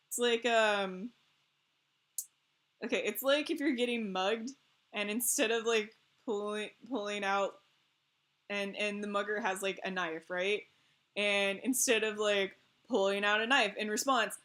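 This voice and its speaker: Woman, casual game stream chat, rambling, animated, laughs often, bright clear voice. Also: mid-range voice, slow, pauses often. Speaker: stream co-host.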